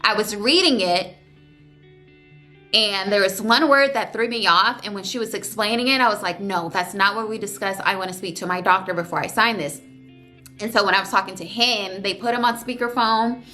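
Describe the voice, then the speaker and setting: A woman's voice: mid-range voice, moderate pace, faint music behind. A young woman vlogging casually, sharing her surgery story and sometimes holding back tears. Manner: emotional, tearful at times, holding back crying; animated storytelling with voiced quotes.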